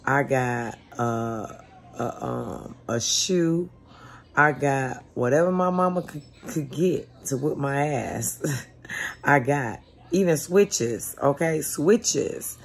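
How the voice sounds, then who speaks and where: A woman's voice: rumbling low, slow, gravelly, breathy edge. A woman in her forties telling a story in a casual, blunt and profane way. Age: 40s. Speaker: vlogger.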